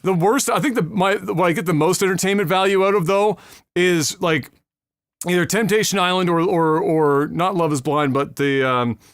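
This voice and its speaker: A man's voice: high voice, normal speed, smooth, no room sound, studio quality. A man co-hosting a casual podcast, laid-back and profane, laughing along with his co-host.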